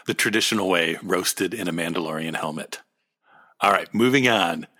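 A man's voice: deep voice, normal speed, sharp tone. A man co-hosting a casual comedy chat, joking, riffing and laughing often. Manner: joking, laughs often, riffs on absurd ideas. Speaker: podcast co-host.

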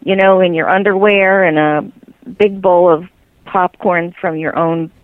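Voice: medium pitch, steady tone, a little slow, clear, resonant tone. A podcast co-host joins the casual chat, agreeing readily and adding short, offhand remarks. The voice comes through a thin, phone-like line with little range. It sounds dry, with no room echo. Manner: agreeable, chiming in with short replies.

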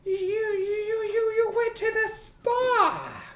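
A woman's voice: very high-pitched, huge pitch swings, takes it slowly, pitched above the performer's own voice, exaggerated voice. A woman voicing a fussy, flustered male office boss who stammers in a panic. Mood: baffled. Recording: roomy echo.

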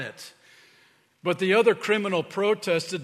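A man preaching a sermon as pastor, earnest, sometimes dropping to a hushed tone for emphasis. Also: on the high side, measured pace. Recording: reverberant hall.

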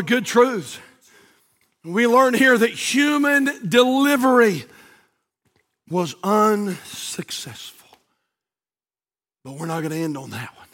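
A pastor preaching with fervor, his voice pitched unusually high and ringing bright. He builds each point through rhythmic, repeated phrases and breaks into shouts as he drives them home. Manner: impassioned, shouting with rhythmic repetition. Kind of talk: sermon.

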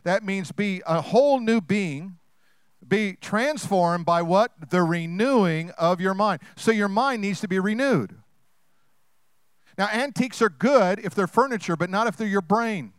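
A male pastor preaching a sermon in a lively, conversational way that often acts out voices. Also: high-pitched, a little slow, clear, resonant tone, dry recording.

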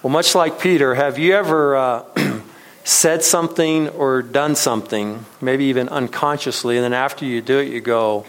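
Recorded roughly, a man in his thirties preaches as pastor at a moderate pace in a mid-range voice. The sermon is casual and conversational, and he keeps restarting, using fillers, and chuckling.

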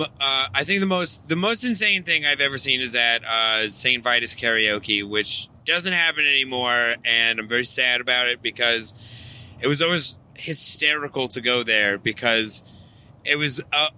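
A man co-hosting a podcast in a moving car, telling a wild anecdote in a profane, excitable way and laughing as he goes. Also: medium pitch, moderate pace. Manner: excitable, profane, laughs through his story. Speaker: podcast co-host.

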